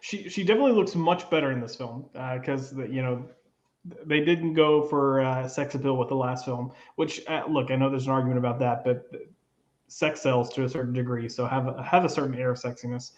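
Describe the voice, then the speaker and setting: A man co-hosting a podcast in relaxed casual chat, often agreeing and using fillers. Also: mid-range voice, fairly quick, echoey room, muffled recording. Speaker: podcast co-host.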